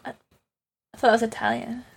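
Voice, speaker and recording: A woman's voice: on the high side, level tone, fairly quick, vocal fry, husky. A young woman co-hosting a podcast, giggling and sarcastic in casual chat with friends. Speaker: podcast co-host.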